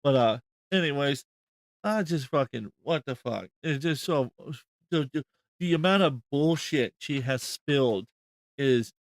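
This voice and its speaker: A man's voice: mid-range voice, lively intonation, a little slow, no room sound, clean studio sound. A man hosting a reaction commentary, rambling and incredulous, swearing often. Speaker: host.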